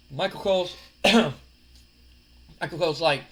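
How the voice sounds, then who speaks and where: A man casually narrating a wrestling sim game, excited and storytelling. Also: sits high, moderate pace. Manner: excited, storytelling, filler-heavy. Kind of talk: casual let's-play narration.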